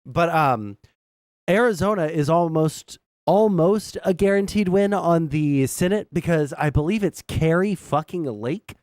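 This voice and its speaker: A man's voice: on the high side, measured pace, a little mellow, dry recording, studio quality. A man streaming casual political commentary, swearing and rambling off the cuff.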